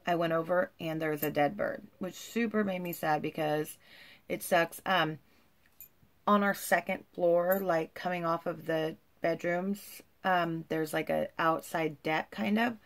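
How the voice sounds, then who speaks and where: A woman's voice: on the low side, creaky. A woman vlogging at home in a chatty, gushing way, full of "like" and "you guys". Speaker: lifestyle vlogger. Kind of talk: casual chat to camera.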